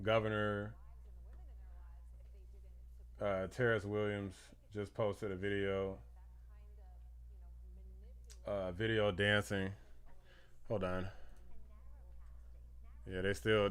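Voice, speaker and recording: Excitable bright-voiced man on a live stream. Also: on the low side, smooth. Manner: excitable, laughing, reads posts aloud; rambling with restarts and fillers. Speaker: political livestream host. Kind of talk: live reaction commentary.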